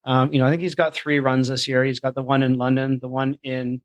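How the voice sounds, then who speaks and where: A man's voice: mid-range voice, little pitch movement, a little fast, dry recording, poor audio. A man, an event organizer talking in a casual, earnest and enthusiastic way as a podcast guest. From Canada. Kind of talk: casual interview chat.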